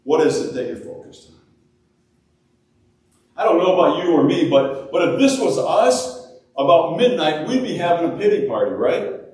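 Male pastor preaching, somewhat high voice, animated delivery, heard from a distance in a very echoey church hall. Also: normal speed, long pauses. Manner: animated, acts out prayers in a raised voice. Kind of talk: sermon.

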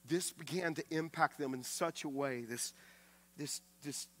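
A male pastor delivers a sermon in a bright, forceful voice pitched a little high. He preaches with emphasis, dropping to a hush and then rising again. He often repeats a word as he restarts a thought. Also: a little slow. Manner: emphatic preaching that swings from loud to hushed; acts out quoted speech with raised voice.

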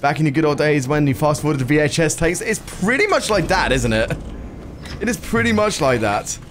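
A young man streaming a speedrun, chatting to viewers and reacting loudly to close calls. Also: a little high, fairly quick, a little hiss or hum. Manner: excitable, shouts and laughs at close calls, greets chat casually. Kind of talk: excitable live gameplay commentary. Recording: game music playing behind.

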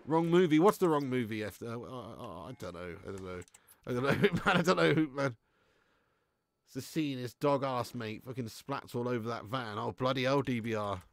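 A young male gaming streamer with a medium-pitched, animated, creaky voice plays a football game at a normal speaking pace. He chats in a laid-back way, swears, and reads the chat aloud.

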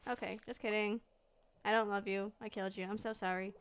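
A woman's voice: medium pitch, fairly even intonation, fairly quick, clear, resonant tone. A young woman streaming a game, chatting to herself playfully and slipping into mock old-fashioned phrases. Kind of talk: casual gameplay commentary. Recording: faint game music behind.

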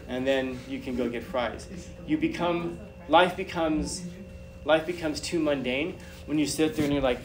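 A man giving a talk to an audience, telling animated personal stories with a chatty, repetitive manner. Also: a little high, normal speed, over music. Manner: animated, chatty, repeats phrases. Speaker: guest speaker. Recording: distant mic with background noise.

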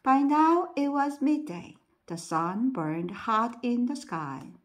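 A woman reading a bedtime story aloud. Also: fairly high pitch. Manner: slow, lively storybook reading.

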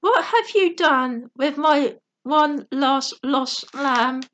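A woman's voice: high voice, extremely slow, a bit bright, highs cut off, full character voice. A woman reading a determined little shepherd girl's lines in an earnest, insistent way.

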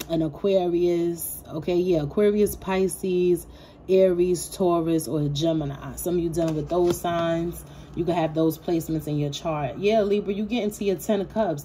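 Speaking directly and fondly to her audience, a woman does a laid-back tarot reading full of street slang, cursing and wandering tangents. Her voice sits fairly low with a dark tone, and there's a little hiss or hum.

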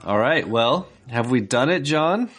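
A man's voice: mid-range voice, lively intonation, a little slow, a bit bright, faint music behind. A man co-hosting a podcast, chatting in a laid-back, dry way. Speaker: podcast co-host. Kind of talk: casual chat.

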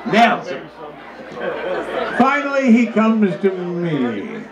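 A male comedian tells a bawdy story live in a bar, loud and rowdy, often breaking into shouts. His voice sits very high and swoops all over. The room echoes, and crowd chatter and noise run underneath. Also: wildly swooping pitch, extremely slow, dull audio. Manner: loud, boisterous, crude delivery with frequent shouts.

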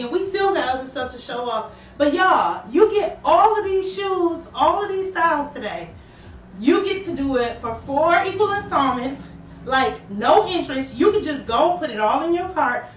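A woman's voice: high voice, normal speed, recorded from a distance, a little hiss or hum. A young woman hosting a live shoe sales stream, chatting to viewers and slightly out of breath. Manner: chatty, animated, talks to viewers. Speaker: shoe store host. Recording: roomy and lo-fi, voice from off-mic.

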